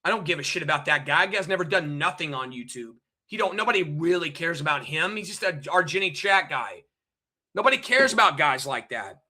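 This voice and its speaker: Ranting stream host, male, high and piercing, swears and repeats himself at chat. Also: very animated, brisk, bright, forceful tone. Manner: heated, profane, repetitive, addresses chat directly. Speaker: livestream host. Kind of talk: angry ranting livestream monologue.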